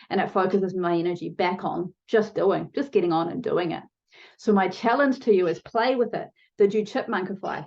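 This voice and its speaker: A woman's voice: medium pitch, darkish tone, dull audio. A woman coaching viewers in a motivational video lesson, talking to them directly and shifting her pace for emphasis. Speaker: online challenge coach.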